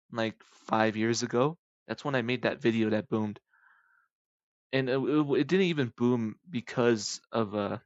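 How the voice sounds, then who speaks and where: A young man rambling casually to his YouTube viewers, jumping into high squeaky voices for the people in his made-up stories. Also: a bit bright, no echo, highs cut off.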